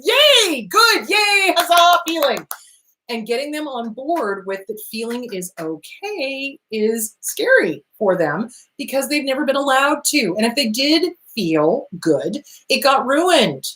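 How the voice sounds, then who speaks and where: A middle-aged woman therapist with a slightly high, fairly bright voice hosts her own show, speaking straight to camera. She gives blunt, upbeat advice with emphatic, cheerleading encouragement and the occasional swear.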